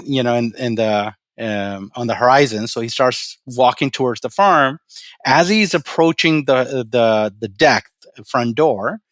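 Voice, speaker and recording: A man telling a story and answering questions as a podcast guest, relaxed and often repeating his words. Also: mid-range voice, no room sound. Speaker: podcast guest, storage company president. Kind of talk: casual interview talk and storytelling.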